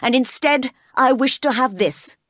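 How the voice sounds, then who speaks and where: Woman voicing a brooding gentleman, growling, commanding, dry close sound. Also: high-pitched, measured pace, no echo, pitched above the performer's own voice. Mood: bitter. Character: stern, brooding gentleman, middle-aged man.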